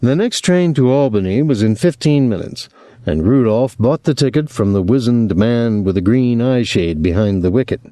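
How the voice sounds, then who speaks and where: A man narrating a novel chapter in a measured, steady reading. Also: medium pitch, no echo, clean studio sound. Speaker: audiobook narrator. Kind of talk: scripted narration.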